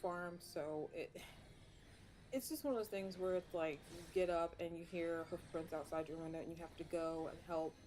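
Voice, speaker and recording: A woman's voice: lowish voice, steady tone, normal speed, a little mellow, slight background noise. A woman chatting casually as a livestream host, rambling and hesitant with lots of fillers. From rural area.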